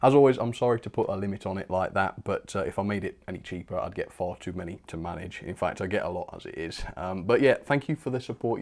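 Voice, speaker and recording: A man's voice: deep voice, creaky, a little mellow. A young man hosting a model railway live stream, chatting cheerfully and thanking viewers, with fillers and little laughs. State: a bit out of breath.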